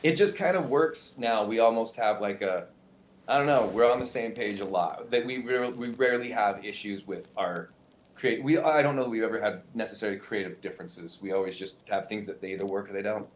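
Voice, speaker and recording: A male comedian and impressionist explaining his craft in an animated, self-interrupting way, often restarting sentences. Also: fairly low pitch, fairly quick, a little hiss or hum. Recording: roomy echo.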